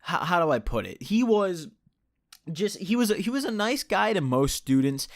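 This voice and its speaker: A man's voice: high voice, very animated, normal speed, no echo. Rambling, profane teenage guy, dry sound. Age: late teens. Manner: rambling, profane, restarts and self-corrections. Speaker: channel host telling a personal story. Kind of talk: casual storytime chat over gameplay.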